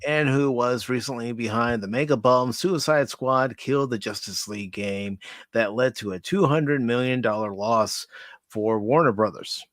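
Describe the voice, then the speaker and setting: A man's voice: medium pitch, moderate pace, fairly bright tone, dry recording. A man hosting a pop culture talk show, reading news items aloud and adding wry asides. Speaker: host.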